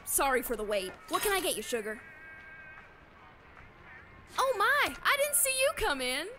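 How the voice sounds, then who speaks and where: A woman's voice: high-pitched, huge pitch swings, normal speed, music in the background. A woman voicing a chatty diner waitress from a cartoon, who overshares and calls everyone sugar. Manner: folksy, calls customers sugar and honey.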